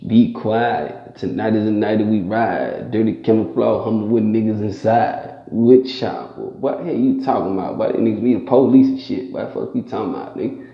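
A man's voice: lowish voice, moderate pace, creaky. A young man telling rambling, profane street stories in a casual way. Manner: rambling, profane street storytelling with frequent laughs. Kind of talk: casual storytelling. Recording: echoey room, dull lo-fi sound.

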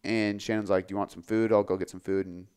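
A man who works as a fitness coach, talking casually on a podcast, relaxed and full of filler words. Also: low-pitched, quick pace, smooth. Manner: relaxed, filler-heavy, says "like" often.

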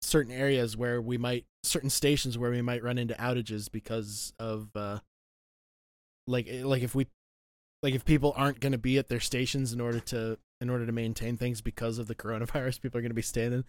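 Brief: man, casual chat, rambling and easygoing, mid-pitched, dry close sound. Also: fairly quick, smooth, dry recording. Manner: relaxed, rambling, laughs easily.

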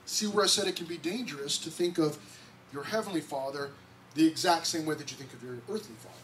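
A man preaching as a pastor in a church, with an excitable, conversational delivery full of restarts and asides. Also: a little high, fast. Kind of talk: sermon. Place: church sanctuary. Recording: distant mic, faint background noise.

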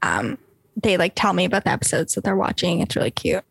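A young woman co-hosting a podcast, chatting casually with lots of fillers and quick laughs. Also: on the low side, sing-song, gravelly, a bit bright, husky, dry recording. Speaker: podcast co-host. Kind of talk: casual chat.

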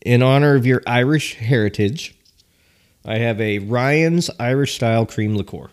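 Guy cohosting a podcast, teasing and joking around, normal pitch. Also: unhurried. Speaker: podcast co-host. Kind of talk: casual chat.

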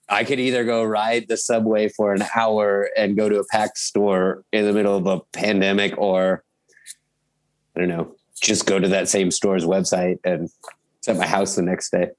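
A man's voice: low voice, little pitch movement, moderate pace. A man in his thirties, a musician, chatting casually and rambling with lots of fillers and restarts. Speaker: guest musician. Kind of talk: casual chat. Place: home in Bavaria.

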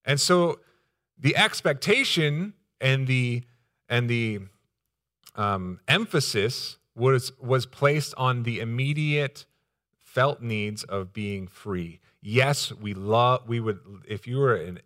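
A man's voice: mid-range voice, animated, slow pace, a bit bright. A male pastor preaching a sermon, voice rising with emphasis when he acts out quotes.

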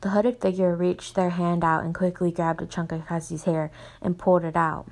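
A woman's voice: lowish voice, little pitch movement, moderate pace, darkish tone. A young woman reading her own story aloud, plainly, stumbling and restarting often.

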